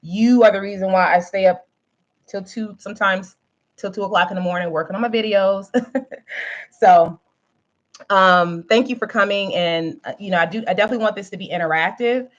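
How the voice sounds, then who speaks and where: A woman with a medium-pitched voice talks fairly quickly while hosting a live stream, and the audio sounds dull. She chats casually and ramblingly with viewers, using plenty of fillers and laughing often.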